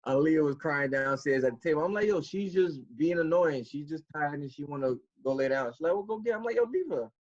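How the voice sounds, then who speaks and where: A man co-hosting a podcast, telling stories in relaxed, slangy casual chat. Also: a little high, brisk, few pauses, dull audio. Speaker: podcast co-host.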